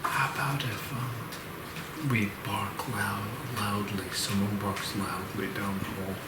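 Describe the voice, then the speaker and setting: Hesitant slow-talking man player, sits far from the mic in an echoey room, loud noise. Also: on the low side, level tone, a loud crowd. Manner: hesitant, many fillers. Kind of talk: casual tabletop game chat.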